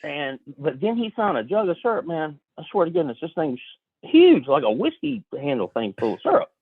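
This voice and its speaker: A man tells a story in a folksy, animated way, his pitch rising and falling freely. His voice is a little husky. The audio is thin and phone-like, with a dry sound. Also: fairly quick, no room sound. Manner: animated, folksy, self-interrupting. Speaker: podcast guest. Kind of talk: casual storytelling.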